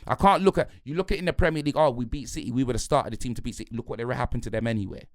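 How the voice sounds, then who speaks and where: A man's voice: medium pitch, rapid-fire, dry recording, clean studio sound. A man ranting angrily about his football team, in heavy slang. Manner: heated, slangy, repetitive, punctuates lines with "blood" and "fam". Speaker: football fan pundit. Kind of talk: angry football rant.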